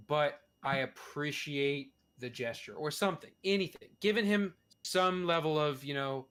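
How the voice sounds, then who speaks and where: A man's voice: on the high side, moderate pace, hardly any pauses, a bit bright. A male podcast co-host in casual chat, heavy on swearing and strong opinions. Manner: profane, opinionated ranting.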